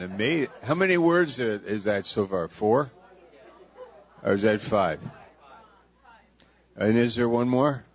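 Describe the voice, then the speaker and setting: A man, a pastor leading a sermon, who slowly and playfully coaxes the congregation to repeat words after him. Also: mid-range voice, some chatter behind. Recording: dull lo-fi church recording.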